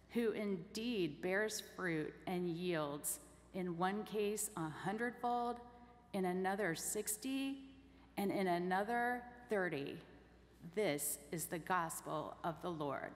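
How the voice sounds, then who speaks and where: Woman, scripture reader, liturgical reading, very slow, measured, long church reverb. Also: mid-range voice. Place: church sanctuary.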